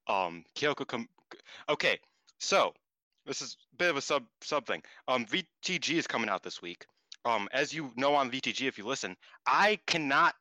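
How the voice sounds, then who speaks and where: A man's voice: mid-range voice, pushed and bright, no echo, rough recording. A man co-hosting a casual chat podcast, rambling and self-deprecating with lots of fillers. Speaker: podcast co-host.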